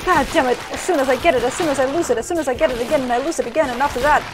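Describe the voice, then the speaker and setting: A woman streaming a video game live, reacting loudly and often while she plays. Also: high voice, very fast. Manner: excitable, frequent exclamations while playing. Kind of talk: live gameplay commentary. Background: game music.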